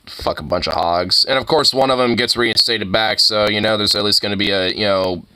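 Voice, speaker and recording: A man's voice: lowish voice, fairly quick, bright, forceful tone, clean tone, no echo. A young man casually reacting to videos, rambling, laughing and swearing freely as he watches.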